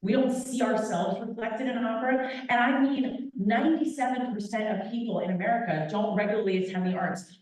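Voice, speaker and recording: A young adult woman, an opera company vice president, giving a lively, playful talk to an audience with a handheld microphone. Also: a little high. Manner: animated, playful and direct with the crowd. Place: large echoey hall. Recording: very echoey hall, picked up from a distance.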